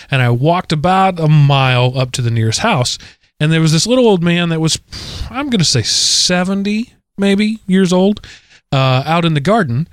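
A man's voice: on the high side, smooth, no echo. Male podcast co-host, storyteller, bouncy intonation, dry studio sound. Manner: animated storyteller, lively delivery. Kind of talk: casual chat.

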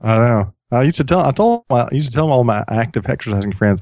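Male podcast host, self-deprecating rambler, mid-pitch, dry close sound. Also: expressive, fairly quick, a little mellow, no room sound. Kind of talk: casual podcast chat.

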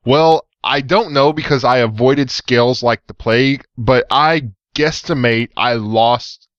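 A man's voice: mid-range voice, measured pace, no room sound. A man in casual chat, self-deprecating. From East Texas. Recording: dull lo-fi call audio.

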